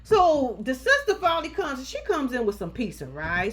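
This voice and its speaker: High-pitched and barely pausing, a woman speaks at normal speed while recapping a reality TV episode with casual, profane sass. She brings the story to life by acting out the people in it.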